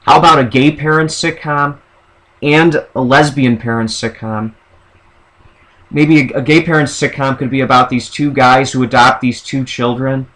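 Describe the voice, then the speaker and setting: A man's voice: mid-range voice, steady tone, moderate pace, a bit bright, low-quality recording. Casual man rambling through ideas. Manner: rambling, with fillers and restarts. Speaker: vlogger. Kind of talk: casual monologue listing ideas.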